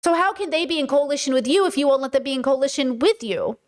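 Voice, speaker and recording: A woman's voice: sits high, fast. Outspoken woman streamer, emphatic and profane. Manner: emphatic and repetitive, frequent "like" and swearing. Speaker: streamer and podcast host. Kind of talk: casual commentary on a livestream.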